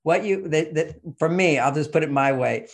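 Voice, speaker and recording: An older man talks through relationship advice in an emphatic, lecturing way. His voice sits a little high and carries a gravelly, creaky edge. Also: moderate pace. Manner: explanatory, emphatic, lectures with acted-out quotes. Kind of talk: conversational advice talk.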